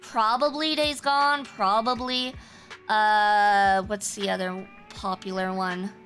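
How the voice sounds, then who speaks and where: A woman's voice: mid-range voice, steady tone, takes it slowly, fairly bright tone, soft background music. A woman streamer chatting casually with her viewers, teasing and self-assured. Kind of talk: casual chat with a live chat.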